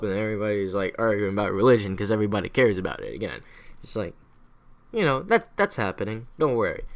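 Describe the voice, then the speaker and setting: A man giving a casual, irreverent history recap, swearing freely and rambling off on tangents. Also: lowish voice. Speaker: history explainer.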